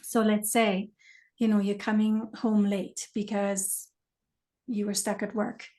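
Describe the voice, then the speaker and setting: A woman being interviewed, explaining things thoughtfully and letting her lines trail off softly. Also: medium pitch, little pitch movement, takes it slowly. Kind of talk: conversational interview.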